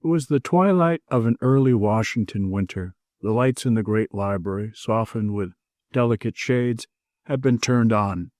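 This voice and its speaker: A man narrating a mystery audiobook in the first person with measured, steady storytelling. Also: fairly low pitch, no echo, clean studio sound.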